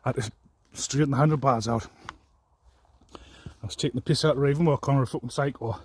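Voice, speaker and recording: Husky man on a profane angry rant. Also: mid-range voice, quick pace. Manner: profane, aggrieved, rambling. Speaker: vlogger.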